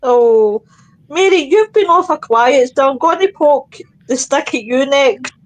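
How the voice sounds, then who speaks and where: A woman's voice: sits high, lively intonation, a little hiss or hum. A woman hosting a casual chat, teasing guests and handing out questions. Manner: teasing, quick reactions.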